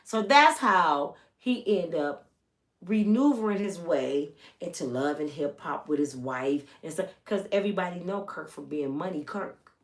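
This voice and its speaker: A middle-aged American woman hosts a channel with casual, teasing gossip commentary. Her voice is on the low side and unhurried, drawling and chatty.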